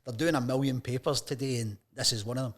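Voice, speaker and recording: Talking quickly in a slightly rough, medium-pitched voice, this Scotsman in his fifties appears on a chat show as a sports journalist. He spins casual, lively anecdotes and performs the voices of the people he quotes.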